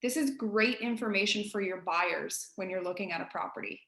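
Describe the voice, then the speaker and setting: A woman with an East Coast Canadian accent, a real estate agent giving colleagues a casual, direct software tutorial. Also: medium pitch, normal speed, roomy sound. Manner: chatty, direct, addresses listeners as guys.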